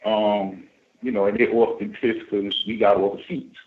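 Over a phone line, an American man calls in to a radio show and tells a story in a casual, rambling way, full of fillers and restarts. His voice is fairly low with little pitch movement, and his pace is moderate.

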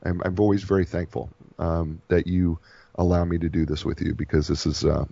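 A man's voice: low-pitched, little pitch movement, fairly quick, vocal fry, mellow, breathy edge, no room sound, lo-fi sound. A man co-hosting a radio show in casual chat, rambling and effusive, often stumbling and repeating his words. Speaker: radio co-host.

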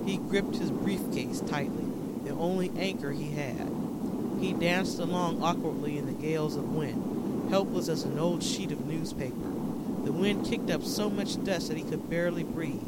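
Higher-voiced man narrating a dark story. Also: very noisy. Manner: dramatic, measured storytelling.

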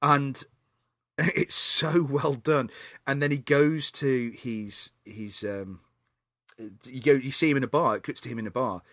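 A man co-hosting a podcast, chatting casually about films, laughing often and animated. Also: medium pitch, measured pace, dry recording, studio quality. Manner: animated, laughs often, acts out film scenes. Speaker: podcast co-host. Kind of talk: casual film chat.

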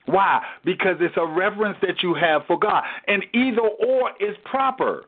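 A man's voice: high-pitched, lively intonation, moderate pace. A man teaching a Bible study in a preaching cadence, asking rhetorical questions and repeating key phrases for emphasis. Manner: rhetorical questions, repeats "why?" and "guess what?". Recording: tinny phone-like recording.

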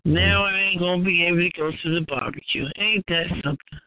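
A man's voice: high-pitched, fairly quick, dry recording. A man calling in to a talk show, teasing and complaining in a drawling way. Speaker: caller. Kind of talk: casual call-in banter. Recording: tinny phone line.

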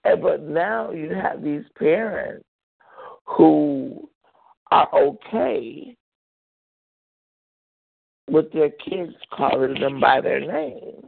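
Gravelly woman, tinny phone-like sound. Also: drawn-out words, pauses often. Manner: animated, acts out quoted voices with big pitch jumps. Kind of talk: casual chat, storytelling.

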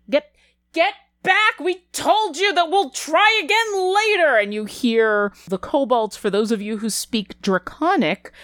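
A woman's voice: fairly low pitch, dry recording, clean studio sound. A woman running a tabletop game as game master, describing scenes and asking the players what they do.

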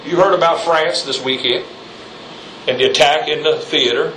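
A man's voice: a little high, normal speed, sharp tone, recorded from a distance, a little hiss or hum. A man preaching a fiery sermon as pastor, rising in intensity and calling on the congregation for amens. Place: church sanctuary. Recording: echoey church, mic from afar.

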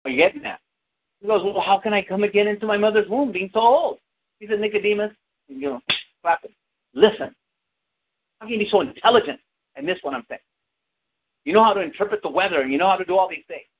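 A man's voice: high-pitched, fast talker, long pauses. A man preaching a sermon, calling out to the congregation for responses and telling a story from his childhood. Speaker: pastor. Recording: tinny lo-fi with hiss.

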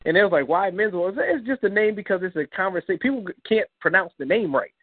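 A man's voice: lively intonation, quick pace, dry recording. A young man, the guest, earnestly telling a personal story in an interview and acting out the dialogue he recalls. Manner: earnest, acts out quoted dialogue with rising pitch. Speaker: guest, comic book creator. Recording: dry phone-line call-in audio.

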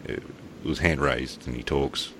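Very deep-voiced Australian man. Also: steady tone, unhurried, fairly bright tone, slight background noise. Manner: laid-back storytelling, laughs often, swears casually. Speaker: podcast co-host. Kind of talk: casual chat.

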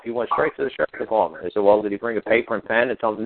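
Low-voiced man on a tinny line. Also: a little fast, no echo. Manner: rambling, profane, acts out quoted voices. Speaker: podcast host. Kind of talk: casual storytelling monologue. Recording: tinny phone-like line, dry.

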